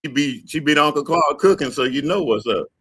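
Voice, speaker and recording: A man with a husky, breathy voice teases the host on a casual sports panel and chuckles along. His pitch sits in the middle. The recording is dry. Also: a little fast, fairly bright tone, dry recording. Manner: teasing, chuckling.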